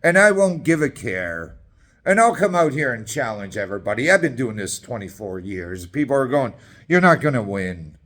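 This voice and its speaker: A man's voice: medium pitch, very animated, normal speed, fairly bright tone. A middle-aged man from Canada, ranting in an angry, combative and sarcastic way as a political activist, swearing often.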